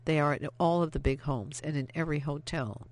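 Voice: mid-range voice, brisk, lightly acted. An audiobook narrator voicing Vianne, a young French wife, anxious and guilt-ridden, who pleads and stammers when cornered. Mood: weary.

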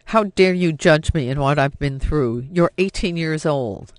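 A man's voice: on the high side, lively intonation, moderate pace, darkish tone, no echo. A man playing a bitter, drinking middle-aged father who speaks in a weary, stern manner.

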